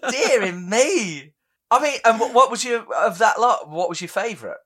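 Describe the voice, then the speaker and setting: Lively high-voiced podcast host. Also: male voice, normal speed. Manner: playful, laughs often. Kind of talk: casual film podcast chat.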